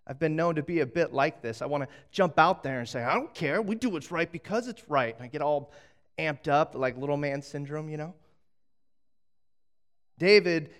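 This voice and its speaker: A man preaching a sermon, telling a story with energy, acting out voices and often restarting his sentences. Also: mid-range voice. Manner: animated storytelling, acts out voices, frequent restarts. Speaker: pastor.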